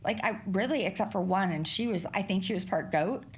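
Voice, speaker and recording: A woman's voice: medium pitch, brisk. A middle-aged woman hosting a podcast alone, chatting casually in a rambling, profane way. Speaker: podcast host. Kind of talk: casual solo podcast chat.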